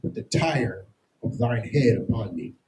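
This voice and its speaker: Dark-voiced man teaching scripture. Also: mid-range voice, animated, measured pace, low-quality recording. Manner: emphatic, repeats "you understand?" constantly; explains with everyday comparisons and slang. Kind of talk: street-style Bible lesson.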